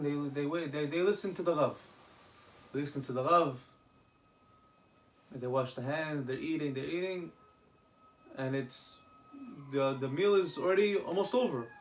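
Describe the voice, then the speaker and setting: A man's voice: a little high, normal speed, pauses often. A man telling religious stories casually and animatedly, acting out what the people in them say, heard from a distant mic. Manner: animated, acts out the characters' speech. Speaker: storyteller.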